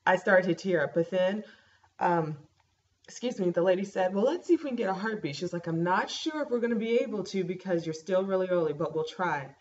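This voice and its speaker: A woman's voice: on the low side, brisk. Chatty young woman on a laptop mic. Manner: chatty, animated storytelling with many fillers. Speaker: vlogger. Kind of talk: casual pregnancy update vlog. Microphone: laptop webcam mic. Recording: dull laptop mic with faint hiss.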